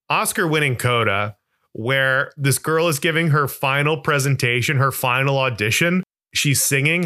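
Bright-voiced excitable man ranting. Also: on the high side. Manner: animated, profane ranting, voice jumps up when worked up. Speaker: podcast co-host. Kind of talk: casual movie chat.

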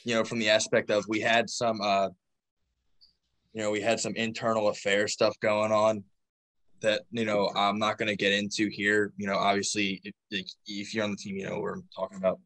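Laid-back young man, slightly low voice. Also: completely flat delivery, normal speed, a bit bright. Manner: laid-back, slangy, says "dude" often. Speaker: college hockey player guest. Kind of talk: casual podcast chat.

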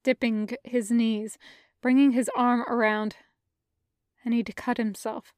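Slow, high-voiced woman reading fan fiction. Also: level tone, a little mellow, dry recording, studio quality. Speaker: podfic reader. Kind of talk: fan fiction audiobook narration.

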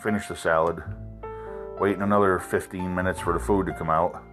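A man's voice: low-pitched, steady tone, a little fast, music in the background. A man telling a story about bad restaurant service as a blunt, profanity-filled complaint, exasperated throughout.

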